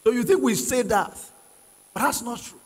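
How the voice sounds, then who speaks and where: Male pastor with a husky, high voice, preaching emphatically to a congregation; sound carries a long hall reverb. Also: moderate pace. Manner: asks the congregation questions and prods them to answer; emphatic, repeats key phrases. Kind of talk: sermon. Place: church hall with live congregation.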